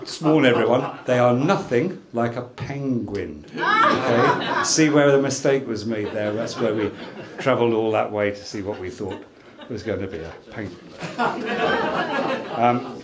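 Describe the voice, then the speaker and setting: A man in his sixties giving a jokey wedding speech as the groom, telling stories with lively timing. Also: mid-range voice, moderate pace. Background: laughing wedding crowd.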